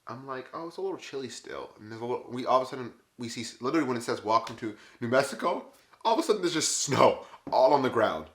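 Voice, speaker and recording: A man's voice: mid-range voice, animated, quick pace. Exasperated man ranting in echoey room. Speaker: vlogger. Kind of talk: casual storytelling.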